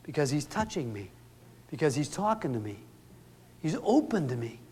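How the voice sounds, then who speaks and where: This middle-aged man speaks at a moderate pace with big pitch swings, his fairly high voice darkish in tone with a breathy edge. He shares earnest, folksy stories with an audience, acting out quotes, and the recording has a long hall reverb.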